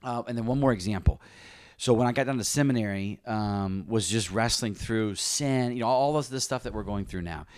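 A man with a fairly low voice tells his story as a pastor, earnest and openly confessional. The sound is dry and close, with no room around it. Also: moderate pace, darkish tone, clear, resonant tone, no room sound. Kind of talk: personal testimony in conversation.

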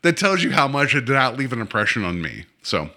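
Animated rambling man, bright voice. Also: medium pitch, brisk. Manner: animated, rambling with many restarts. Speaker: podcast co-host. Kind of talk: casual chat about films.

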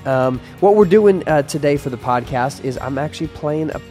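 A man preacher who jokes and rambles with a self-deprecating streak, his voice sitting at a middle pitch. It rings with a long hall reverb, and faint music sits underneath. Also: darkish tone. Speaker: podcast host and preacher. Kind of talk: casual podcast intro and team sermon. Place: church stage.

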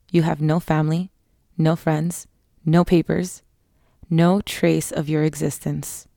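A cold, businesslike woman boss barking clipped orders, as a woman reads her. Her voice sits low and gravelly, dry and close. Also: warm tone, no echo.

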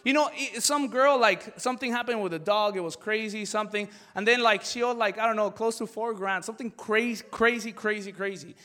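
A man preaching in a high, bright voice, telling a story with excitable energy and lots of filler words. He swings from animated retelling to a hushed, earnest tone when he drives a point home. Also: a little fast, few pauses, in a large hall. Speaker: pastor. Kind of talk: storytelling sermon.

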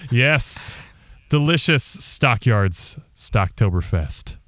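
A man co-hosting a casual sports podcast, chatty and animated. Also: mid-range voice, very slow, slight background noise. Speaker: podcast co-host.

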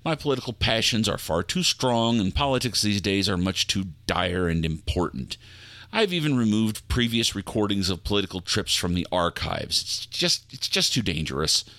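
A man hosting an audio fiction show with low, theatrical showman narration, recorded close and dry. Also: expressive, normal speed, bright, forceful tone, no room sound. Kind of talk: theatrical spooky host narration.

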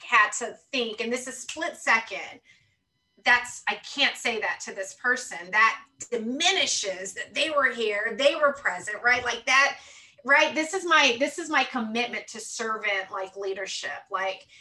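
A woman's voice: a little high, bright, forceful tone, far from the mic, rough recording. A woman guest on an interview podcast, speaking earnestly and thinking aloud, often checking in with "right?". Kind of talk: reflective conversational interview talk.

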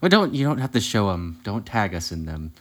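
A man's voice: fairly low pitch, sing-song, brisk. Giggly, playful male podcast co-host. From Ohio. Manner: giggly, playful, riffing on bits. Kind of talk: casual comedic banter.

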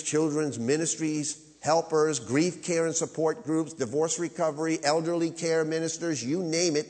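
A man preaching a sermon with emphasis, rising to loud high peaks and dropping to quiet low asides. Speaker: pastor. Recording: long reverb of a large hall.

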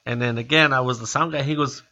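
Bright-voiced man telling animated stories. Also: medium pitch, fast talker, dull audio. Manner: animated storyteller, acts out quotes. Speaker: guest comedian and DJ. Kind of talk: casual chat.

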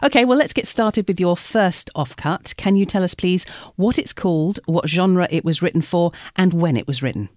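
A woman's voice: lowish voice, moderate pace, hardly any pauses, a little mellow, dry recording, studio quality. A woman hosting an interview, introducing her guest conversationally with light playfulness. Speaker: podcast host.

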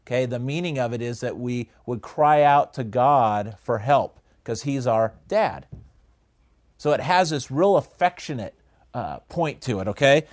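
A man teaching a Bible study in a conversational way, often asking the listeners questions and pausing on "uh". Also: medium pitch. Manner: conversational, asks the audience questions, frequent uh fillers.

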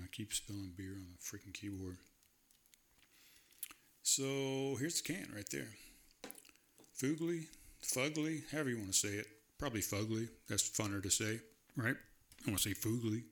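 A man's voice: on the low side, sharp tone. A man from South Carolina hosting a solo podcast, chatting in a rambling, self-amused way at his desk mic. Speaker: podcast host. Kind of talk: casual solo podcast chat.

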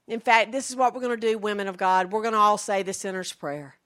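A woman preacher from the Southern United States giving a sermon, swinging from hushed storytelling to shouted exclamations. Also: mid-range voice, quick pace.

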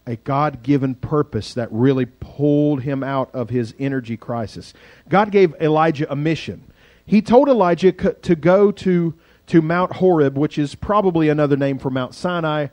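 A man's voice: fairly high pitch, a little mellow, no room sound. A man preaching a sermon on a street corner, chatty and joking, breaking off to pray when sirens pass. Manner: conversational, joking asides. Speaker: pastor.

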